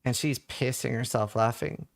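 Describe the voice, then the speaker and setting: Gravelly Norwegian man telling a story. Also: mid-range voice, moderate pace. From Norway. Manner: rambling, animated anecdote with filler words. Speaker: streamer. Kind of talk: casual storytelling while gaming.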